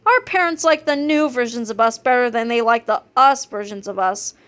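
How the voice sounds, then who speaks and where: A woman's voice: on the high side, moderate pace, clear, resonant tone, close to an everyday voice. A woman voicing a cautious young schoolboy sidekick who frets over rules, in a children's book read-aloud. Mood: worried. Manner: worried, then wildly excited.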